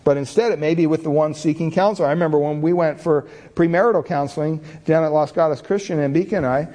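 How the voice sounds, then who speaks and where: A man's voice: fairly high pitch, quick pace, mellow. A middle-aged man preaching a sermon, telling candid, self-deprecating stories about himself with many casual fillers. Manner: chatty, many fillers like "you know". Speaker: pastor.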